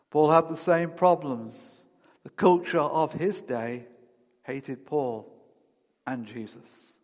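A man's voice: a little high, slow pace, in a large hall. A man preaching a sermon, reading scripture aloud and then speaking with rising emphasis.

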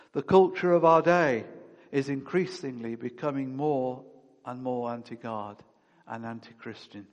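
A man's voice: medium pitch, in a large hall. A man preaching a sermon, reading scripture aloud and then speaking with rising emphasis.

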